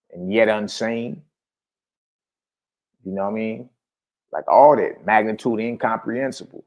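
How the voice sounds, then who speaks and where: A man holds forth on spiritual matters in a loose, preachy, conversational way. He keeps tossing questions at his listeners as he goes. His voice sits at an ordinary middle pitch. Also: a little mellow. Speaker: online talk host. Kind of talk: casual spiritual commentary.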